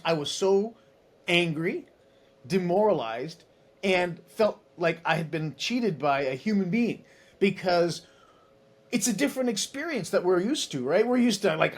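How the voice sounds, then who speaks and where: A man in his forties, a tech executive as an interview guest, telling stories in a chatty, animated way with many restarts and asides. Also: high-pitched. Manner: animated, acts out dialogue in other voices. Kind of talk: casual interview storytelling.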